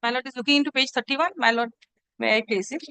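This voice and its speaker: A woman's voice: high-pitched, fast talker, pushed and bright, clean tone, no echo, poor audio. A woman advocate, making a formal, deferential submission to a judge in a courtroom hearing and addressing him as "my lord" again and again. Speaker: advocate arguing before a judge. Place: courtroom hearing, live-streamed.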